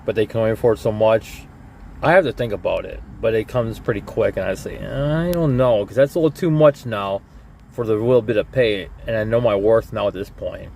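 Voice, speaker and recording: Rambling low-voiced young man. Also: brisk, vocal fry, darkish tone, slight background noise. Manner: rambling, repeats words, many "you know"s. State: coughing lately. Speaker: vlogger. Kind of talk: casual live-stream monologue.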